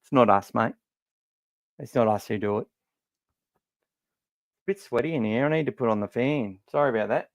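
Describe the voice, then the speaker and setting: Rambling and swearing, a middle-aged Australian man hosts a casual fan podcast from a warm room at home, sounding worn out after a full day of talking. His mid-range voice moves at normal speed with long pauses, and the recording is dry.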